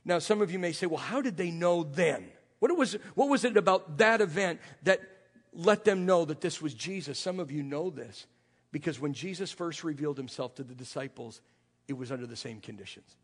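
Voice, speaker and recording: Preacher guy, kinda husky, acts out the quotes, big echoey hall. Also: on the high side, animated, moderate pace. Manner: dramatic storytelling, acting out the lines of the people in the story. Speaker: pastor. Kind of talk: sermon. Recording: long reverb of a large hall.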